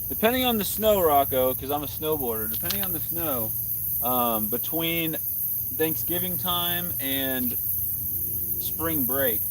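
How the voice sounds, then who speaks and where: A man's voice: on the high side, expressive, unhurried, far from the mic, noisy background. A man casually chatting on a night fishing livestream outdoors, easygoing and talkative. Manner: easygoing, chatty, says man and bro a lot.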